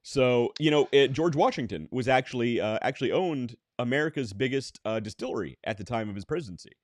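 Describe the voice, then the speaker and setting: A man's voice: medium pitch, lively intonation, fairly quick, no room sound. A man hosting a podcast in casual chat, making dry jokes and reading headlines aloud. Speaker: podcast host.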